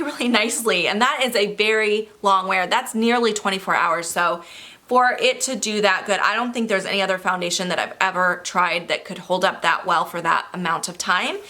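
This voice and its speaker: A woman beauty vlogger chatting enthusiastically and quickly through a casual product review. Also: mid-range voice, pushed and bright. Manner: chatty and enthusiastic, talks fast.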